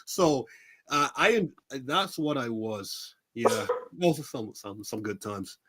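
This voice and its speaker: This New York City man is a wrestler appearing as a guest in a casual interview, where he tells animated stories, imitates the voices of the people he quotes, and laughs often. His voice is mid-range and slow-paced, and the recording is very noisy.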